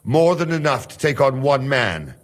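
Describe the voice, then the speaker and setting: An actor playing a cautious male guard from Hungary in a game cutscene, measured and calculating. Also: medium pitch, big pitch swings, natural voice.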